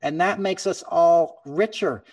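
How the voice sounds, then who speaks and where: A male podcast host with a fairly high but darkish voice speaks a little slowly in casual, earnest, impassioned conversation, calling his co-host "man" and "brother." His mic sounds slightly distant.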